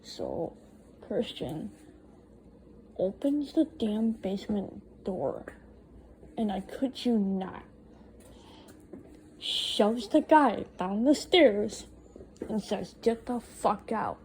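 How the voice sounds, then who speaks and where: A woman's voice: mid-range voice, big pitch swings, drawn-out words, long pauses, darkish tone, a little hiss or hum, rough recording. A young woman casually recounting a night from her own life, blunt and swearing freely. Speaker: storyteller. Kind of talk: casual first-person storytelling.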